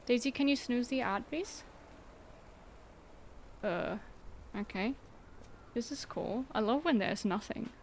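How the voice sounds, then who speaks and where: A woman's voice: on the high side, takes it slowly, pauses often, a little hiss or hum. A young woman streaming a game, chatting casually with her viewers in a sarcastic, giggly way. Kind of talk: casual gameplay livestream chat.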